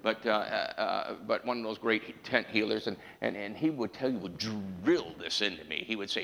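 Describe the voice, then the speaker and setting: A man preaching a sermon in a church, calling out questions to the congregation and building to an impassioned pitch. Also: normal speed, gravelly, few pauses, fairly bright tone, in a large hall, slight background noise, poor audio.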